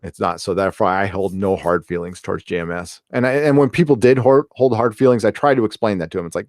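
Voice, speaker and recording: Man, low voice, dry close sound, rambling live-stream chat, swears, many fillers. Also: quick pace, few pauses, darkish tone, no echo. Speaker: host of a live chat show. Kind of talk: casual live-stream chat reading comments.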